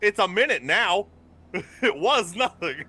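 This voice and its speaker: Chatty bright-voiced streamer. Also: medium pitch, sing-song, a little slow, husky. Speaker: player. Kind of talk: casual stream chat.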